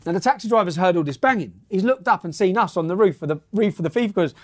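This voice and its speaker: A man's voice: high-pitched, animated, quick pace. A middle-aged man telling a story and reading news aloud bluntly, with frequent laughter and swearing.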